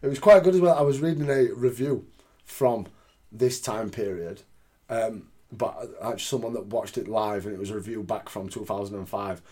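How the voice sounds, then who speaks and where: A man's voice: fairly low pitch, moderate pace, slightly rough. A man chatting on a podcast, telling stories with lots of energy, swearing and laughing. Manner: animated storyteller, swearing, laughing often. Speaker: podcast co-host. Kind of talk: casual chat.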